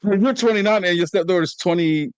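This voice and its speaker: A man's voice: sits high, quick pace, clean tone, dry recording. A man hosting a podcast interview, telling stories with lots of restarts and repeated words. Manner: animated storyteller, stammers and repeats words. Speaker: podcast host. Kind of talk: casual interview chat.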